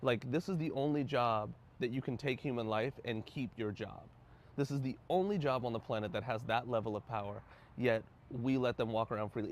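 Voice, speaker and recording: Frustrated male commentator, soft-spoken, slight hiss. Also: medium pitch, a little fast. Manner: frustrated, questioning, often drops to a quiet voice. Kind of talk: opinion commentary.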